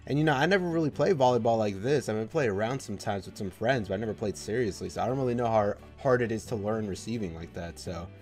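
A young man hosting an anime reaction, talking casually and excitedly to the screen, full of slang and quick laughs. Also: lowish voice, faint music behind.

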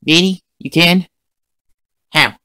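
A man's voice: fairly high pitch, takes it slowly, bright, forceful tone, clean tone, no room sound, studio quality. A man voicing a bratty, foul-mouthed, hot-tempered cartoon boy who talks crudely and flies into screaming tantrums, in a fan-made cartoon. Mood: curious.

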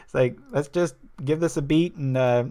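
A man whose voice is a little high yet dark in tone speaks at a normal speed. He's hosting a stream, playing a card game and reading viewer comments aloud in a chatty, rambling way, losing his train of thought along the way.

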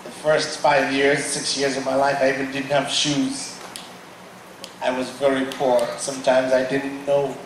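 Animated African-born preacher in an echoey hall. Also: male voice, mid-range voice, unhurried. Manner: animated storytelling, acting out dialogue. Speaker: guest preacher. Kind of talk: testimony sermon. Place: large church auditorium. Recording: echoey hall, mic from far off, faint noise.

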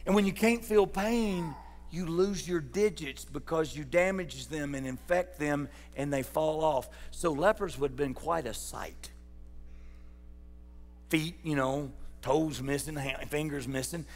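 Man, pastor, high voice, folksy joking sermon, questions to the congregation, long reverb in a church hall. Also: a little slow. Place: church sanctuary.

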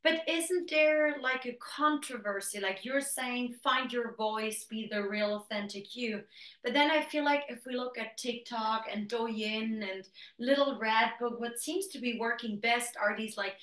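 A woman hosts a casual podcast chat, her somewhat high voice bright and forward. She talks loosely and often drops in "like". The recording carries a roomy echo. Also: measured pace. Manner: chatty, peppered with "like". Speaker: podcast host. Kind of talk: casual interview talk.

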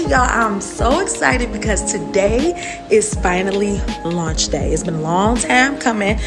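A woman vlogging casually to her viewers about her small business, bubbly and excited, calling the audience "y'all.". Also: mid-range voice, a little slow, over music. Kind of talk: casual vlog talk to camera. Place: in a car.

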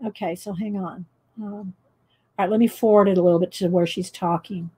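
A woman's voice: mid-range voice, fairly even intonation, brisk, mellow, slightly rough. A middle-aged woman from Texas with a light Texan accent, chatting casually and rambling while she colors on a live stream. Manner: chatty, rambling, laughs often. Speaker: artist vlogger.

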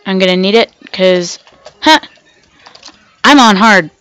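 A woman hosting a gaming video with slow, unhurried, rambling commentary, chatting to herself and the animals as she plays. She is sick, and her voice sounds a little off. The recording is close and dry, with no room sound. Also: mid-range voice, a bit bright, clean tone, no echo, poor audio. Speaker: gaming channel host. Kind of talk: casual gameplay commentary.

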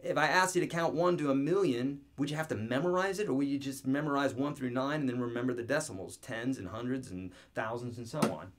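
A man's voice: mid-range voice, fairly quick, hardly any pauses. Upbeat joking male guitar teacher. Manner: upbeat, joking, talks straight to the viewer. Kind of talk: online video lesson.

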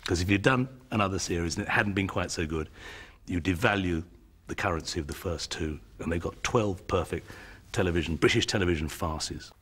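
A man's voice: low voice, brisk, fairly bright tone, husky. A man giving his opinions in an interview with amusement.

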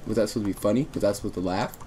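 Excitable young man gaming on a headset. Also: very fast, slight background noise. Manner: excitable, teasing, bursts into high yelps. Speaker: let's play host. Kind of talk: casual gaming chat.

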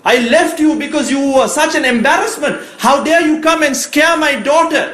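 A man voicing an angry, resentful young man who shouts scornfully at his mother. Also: high voice, lively intonation, moderate pace, roomy sound. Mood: outraged.

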